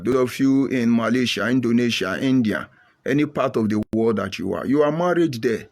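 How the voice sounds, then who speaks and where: A middle-aged Nigerian man speaking with an emphatic, preachy drive. He hammers his points home and often repeats them. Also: mid-range voice. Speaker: commentator. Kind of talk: impassioned monologue.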